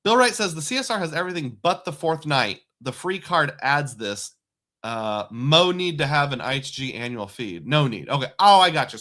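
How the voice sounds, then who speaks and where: A man's voice: mid-range voice, pushed and bright. A middle-aged man hosting a casual live stream, reading viewer comments aloud and chatting back.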